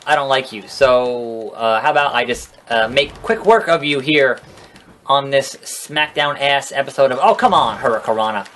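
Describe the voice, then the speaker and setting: A young man with a mid-range, fairly bright voice casually narrates his playthrough of a wrestling video game, rambling, sarcastic, and swearing at the characters. There's a little hiss or hum on the recording of this gaming video.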